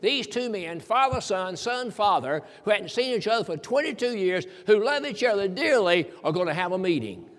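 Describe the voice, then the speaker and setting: A man preaching a sermon in a folksy, emphatic way, quoting scripture. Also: sits high. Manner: folksy, emphatic preaching with King James quotes. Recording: long hall reverb.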